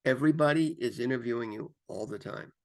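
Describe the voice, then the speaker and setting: A man giving career coaching advice to camera, varying his pace and tone for emphasis and often repeating himself with fillers. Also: fast. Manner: lively, shifts pace and pitch for emphasis; repeats phrases, frequent fillers. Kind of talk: instructional talk to camera.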